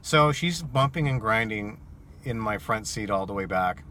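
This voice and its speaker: A man who drives for rideshare apps, casually telling an animated, incredulous story to his viewers. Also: on the low side, normal speed, slight background noise.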